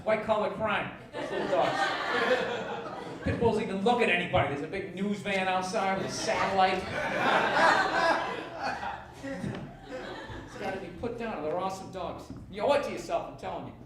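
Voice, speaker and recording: A man's voice: high voice, moderate pace, pauses often. A male stand-up comedian doing a sarcastic, profane rant on stage. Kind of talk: stand-up routine. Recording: echoey distant recording with loud noise. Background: audience laughter.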